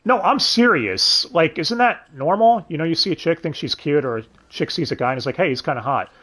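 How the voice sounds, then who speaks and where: Reviewing a dub, this man keeps things casual, throwing in frequent swearing and sarcasm, sighing, and asking his audience questions. His voice sits on the high side, a bit bright and expressive, and he speaks fairly quickly.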